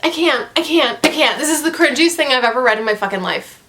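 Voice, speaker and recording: A woman's voice: high-pitched, animated, moderate pace, sharp tone. A young woman in her twenties reviewing a book in a casual rant to the camera, exasperated, crude and emphatic, repeating her points.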